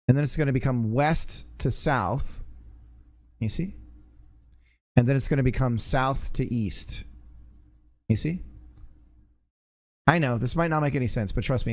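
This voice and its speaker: Guy livestreaming game dev, mumbling to himself, jokes about being an idiot, voice jumps around a lot. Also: mid-range voice. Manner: muttering to himself, self-deprecating. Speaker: streamer. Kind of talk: casual livestream while coding a game.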